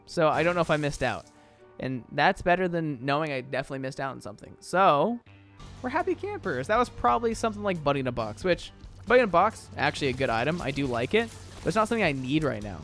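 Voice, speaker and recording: A man's voice: on the high side, fairly bright tone. A young American man chatting casually through a let's-play, rambling with lots of "like" and "um". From southern United States. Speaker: gaming YouTuber.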